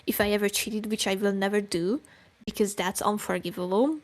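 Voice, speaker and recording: Close to a desk mic, a female podcast co-host reads a document aloud and rants about it with exasperation, swearing often, sighing and breaking into loud bursts. Her medium-pitched voice is fairly even in intonation and fairly quick.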